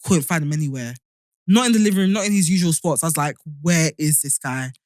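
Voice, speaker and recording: A woman, a podcast co-host, telling a story in an animated way and often laughing in casual chat. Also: fairly low pitch, fast talker, dry recording, studio quality.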